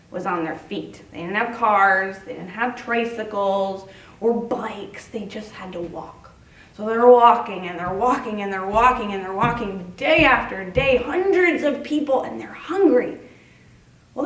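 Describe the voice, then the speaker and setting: A woman pastor giving a sing-song, animated children's sermon to preschoolers in a church. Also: a little high, reverberant, far from the mic, poor audio.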